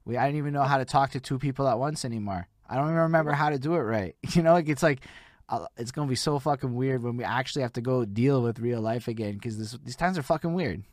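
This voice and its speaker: A young man hosting a relaxed interview, peppering his talk with "yo" and casual cursing. His voice sits at an ordinary pitch and sounds dry and close, with no room around it. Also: fast, dry recording. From Montreal. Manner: swears freely, laid-back slang with "yo". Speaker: interview host.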